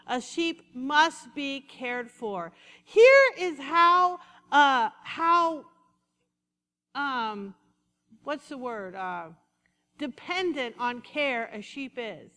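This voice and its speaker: Woman preacher, lively and conversational; high voice in a reverberant hall. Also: slow pace. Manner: animated, conversational preaching with acted-out asides. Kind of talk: sermon.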